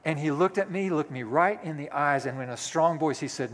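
A man's voice: on the high side, a little fast. A male pastor in his sixties preaching a sermon, telling a personal story with folksy, self-deprecating humor. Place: church sanctuary. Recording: long hall reverb.

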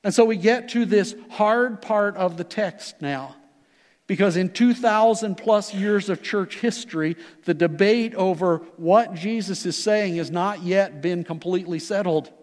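A pastor preaching a sermon in an earnest, emphatic manner that rises and falls. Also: male voice, high voice, unhurried, darkish tone, big-room sound. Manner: earnest, emphatic preaching with rising and falling delivery.

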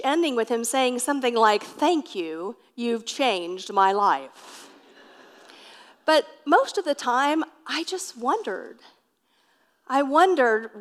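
A woman's voice: fairly high pitch, a bit bright. A woman pastor, preaching a sermon as a personal story and speaking to the congregation as friends. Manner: storytelling, addresses listeners as friends.

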